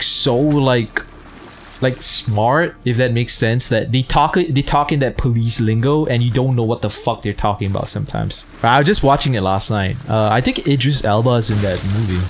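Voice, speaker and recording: A man's voice: mid-range voice, a little hiss or hum. A man chatting casually as a streamer, rambling, profane and laid-back, often laughing at his own jokes. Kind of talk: casual chat.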